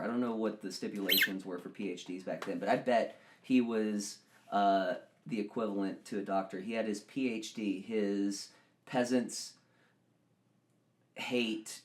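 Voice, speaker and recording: A man hosting a podcast, chatting casually and joking, with sudden loud bursts of laughter and excitement. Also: on the low side, measured pace. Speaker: podcast host. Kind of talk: casual chat.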